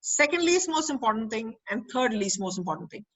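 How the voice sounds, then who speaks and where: A woman's voice: on the high side, very animated, brisk, rough recording. An Indian woman giving a career counselling webinar to students, switching between English and Hindi and quizzing her listeners. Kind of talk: interactive webinar lecture. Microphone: video call.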